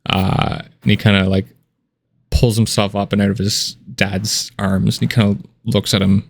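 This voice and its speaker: A man runs a tabletop game, describing the scene in a casual, loose way full of fillers. His voice sits low with a gravelly rasp. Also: flat delivery, moderate pace. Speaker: game master.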